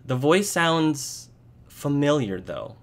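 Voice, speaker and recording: A man's voice: on the high side, very animated, takes it slowly. A man narrating a tabletop role-playing game as game master, often stopping to restart his sentences. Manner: hesitant, with many restarts and fillers.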